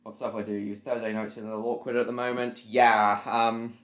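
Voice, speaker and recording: A man's voice: on the low side, little pitch movement, brisk, fairly bright tone, echoey room. Rambling man chatting on a live stream. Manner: rambling, apologetic, greets and answers chat by name. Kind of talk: casual live stream chat. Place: at home at a laptop. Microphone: laptop mic.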